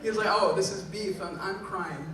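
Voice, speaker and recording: A man performing stand-up comedy on stage, telling his stories with acted-out quotes and laughing as he goes. His voice sounds distant and echoes heavily around a large room. Loud background noise runs under the whole live recording. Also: high voice, normal speed. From Bay Area, California. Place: large venue with a live audience.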